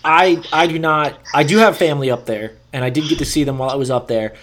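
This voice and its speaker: A man's voice: a little high, fast, a bit bright, slight background noise. A man hosting a casual chat, talking in a rambling way with many restarts and plenty of swearing.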